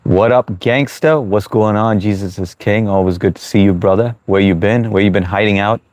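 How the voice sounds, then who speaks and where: A man's voice: lowish voice, steady tone, brisk, darkish tone, dry recording. A man hosting a live stream in casual chat, reading viewer comments aloud and chatting with them in a laid-back, friendly way.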